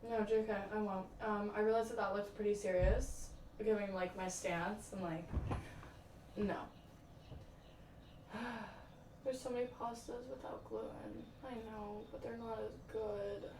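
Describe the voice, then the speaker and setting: A woman's voice: mid-range voice, fairly even intonation, unhurried, long pauses. A young woman livestreaming and answering viewer comments in casual chat. She talks dramatically, swears freely and fills her speech with "like" and "um.". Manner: chatty, dramatic, swears freely, many "like" and "um" fillers. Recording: roomy echo, distant from the mic, faint ambient noise.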